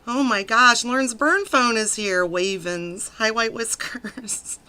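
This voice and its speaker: A woman's voice: fairly high pitch, slow pace, pushed and bright, clean tone. A woman hosting a casual live stream, giggling often and greeting viewers in the chat by name. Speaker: stream host.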